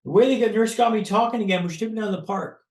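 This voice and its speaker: A man from Canada, a podcast guest, telling a personal story in a dramatic, paced way with pauses. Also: sits high, darkish tone, echoey room.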